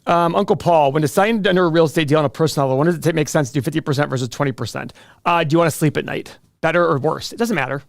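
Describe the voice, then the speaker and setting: A middle-aged man chatting casually on a live show, his voice sitting a little high for a man. He jokes and pokes fun at himself between answers. The sound is dry and close. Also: vocal fry, no echo. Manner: joking, self-deprecating, quick asides. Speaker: show host answering viewer questions. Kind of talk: casual livestream chat.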